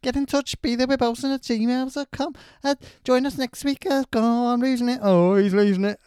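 A man voicing a loud, excitable Liverpudlian character in an exaggerated Scouse accent, drawing his words out during a comic sign-off. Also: very high-pitched, clean tone, no echo, clean studio sound, voice pushed up. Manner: shouty, drawn-out, exaggerated.

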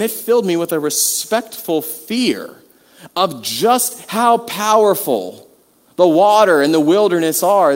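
A man preaching a sermon in a conversational way, with many restarts and rhetorical questions. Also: a little high. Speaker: pastor. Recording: long hall reverb.

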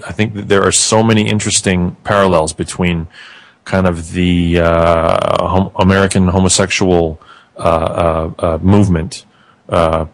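A very low-pitched man talks in a relaxed, thoughtful way, circling back and restarting phrases as he builds his point. The sound is dry and close, with no room around it. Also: no room sound. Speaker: podcast host being interviewed. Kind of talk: casual conversation.

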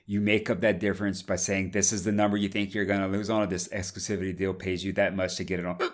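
A man in a casual gaming discussion, relaxed and trailing off with fillers, who has the hiccups. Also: deep voice, quick pace.

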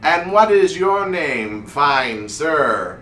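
A man voicing a grandiose male stage wizard showman, making slow, drawn-out theatrical announcements. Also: a little high, big pitch swings, bright, forceful tone, reverberant, distant mic, voice pushed up, heavily acted. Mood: coaxing.

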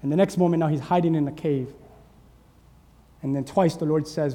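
A man's voice: fairly high pitch, steady tone, normal speed, pauses often, dark tone, long reverb tail. A male pastor preaching a sermon, urging his congregation with fervent call-and-response.

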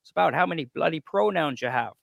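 A man's voice: on the high side, lively intonation, fast talker, vocal fry, a bit bright, dry recording, exaggerated voice. A man playing a smug lecturer in a sarcastic comedy sketch parody. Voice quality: mock-earnest, sarcastic lecturing.

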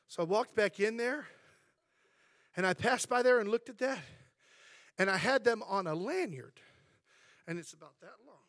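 High-voiced man preaching in a chatty way. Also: moderate pace, long pauses, dry recording, clean studio sound. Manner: chatty storytelling, animated and humorous. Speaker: pastor. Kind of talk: sermon.

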